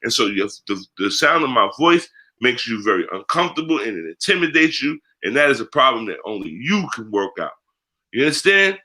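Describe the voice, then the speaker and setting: This spiritual priest, a guest in a candid interview, is very animated, speaking fairly quickly in a medium-pitched, sharp-toned voice. The American man talks bluntly, using heavy profanity and street slang.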